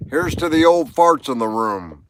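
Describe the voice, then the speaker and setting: A man's voice: a little high, unhurried. A middle-aged man hosting a live stream, telling jokes and chatting casually with viewers by name. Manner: animated, jokey, addresses viewers by name. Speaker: livestream host. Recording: noisy background.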